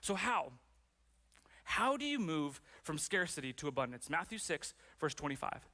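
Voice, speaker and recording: A man's voice: a little high, big pitch swings, normal speed, sharp tone. A man preaching a sermon as pastor, conversational and self-deprecating, with playful asides.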